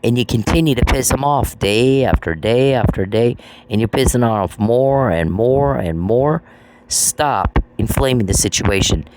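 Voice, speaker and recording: A man's voice: medium pitch, measured pace. A man in an angry monologue aimed at one person, swearing and repeating his accusations. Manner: profane, accusatory and repetitive. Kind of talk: angry monologue addressed to someone. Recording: noisy recording with clicks.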